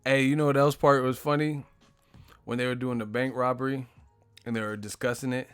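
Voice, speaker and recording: A man's voice: mid-range voice, little pitch movement, a little fast, fairly bright tone, clean tone, soft background music. A man hosting a casual live stream, telling stories animatedly with lots of slang and profanity, often laughing and acting out movie lines. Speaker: host of a live boxing stream.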